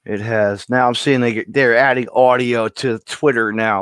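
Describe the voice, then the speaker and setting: He is a male podcast host chatting casually, rambling from one thought to the next with lots of "you know" and quick laughs. His voice sits in a middle range. The sound is very dry. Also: medium pitch, steady tone, a bit bright, clear, resonant tone, no echo. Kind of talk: casual chat.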